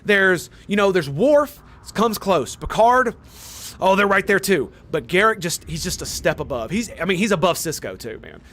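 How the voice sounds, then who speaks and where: A young man streaming a game and chatting casually, excited and rambling, full of "dude" and "man". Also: high-pitched, moderate pace. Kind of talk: casual chat while streaming.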